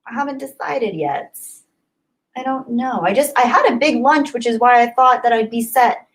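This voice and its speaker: A woman's voice: fairly high pitch, moderate pace, low-quality recording. A young woman hosting a livestream, chatting casually and rambling as she answers viewer comments, often repeating herself. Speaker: livestream host.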